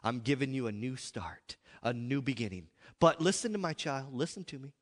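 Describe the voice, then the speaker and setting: A preacher putting on a gentle, loving Jesus. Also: male voice, mid-range voice, animated, moderate pace, natural voice. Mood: tender. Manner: soft, gentle, pleading. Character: tender, loving adult male Jesus. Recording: echoey hall.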